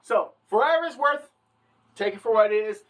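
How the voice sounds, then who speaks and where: A woman's voice: a little high, lively intonation, brisk. A woman giving an irreverent, wisecracking satirical comedy monologue, bragging and joking about the church.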